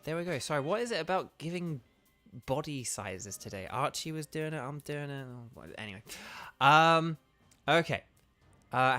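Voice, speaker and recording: Animated man commenting on a game. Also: medium pitch. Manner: animated, reads game text aloud with playful asides. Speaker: gaming streamer and voice actor.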